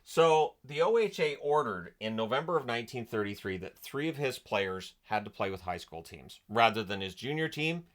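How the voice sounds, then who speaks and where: A man talks through old sports-league history for his own channel, casual and chatty. His tone is sarcastic and amused, full of "uh" and "um" as he goes. His voice sits in an ordinary middle pitch. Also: animated, moderate pace, hardly any pauses, fairly bright tone. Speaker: hockey history channel host. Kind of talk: casual history storytelling vlog.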